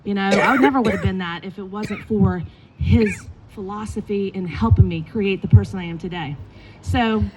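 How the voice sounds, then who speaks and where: Animated woman telling coaching stories. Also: mid-range voice, moderate pace, hardly any pauses, noisy background. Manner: animated storytelling with acted quotes. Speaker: basketball coach. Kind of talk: eulogy with storytelling. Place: indoors at a funeral gathering.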